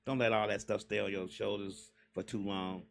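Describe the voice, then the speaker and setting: A man's voice: lowish voice, little pitch movement, moderate pace, gravelly. A man on a podcast in casual chat, making firm points and repeating them for emphasis.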